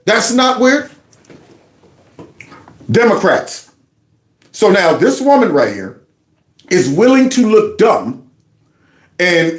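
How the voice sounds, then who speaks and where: Animated mocking man, echoey room. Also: high voice. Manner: animated, mocking, mimics others in exaggerated voices. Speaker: commentary channel host. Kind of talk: political commentary reacting to clips.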